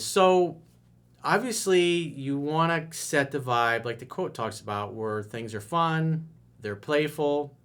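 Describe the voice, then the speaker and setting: A man who works as a dating coach, talking casually and with emphasis in a coaching video, his voice often jumping up in pitch and loudness. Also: lively intonation, unhurried.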